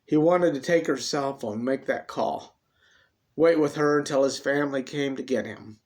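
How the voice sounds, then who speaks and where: A man reading his own dramatic story aloud, expressive and swinging between loud and hushed delivery. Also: mid-range voice, moderate pace.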